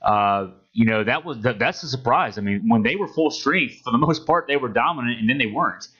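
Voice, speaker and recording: A man's voice: medium pitch, lively intonation, brisk, pushed and bright, breathy edge. A man hosting a casual sports podcast, rambling with many restarts and fillers. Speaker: podcast host. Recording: dull lo-fi audio.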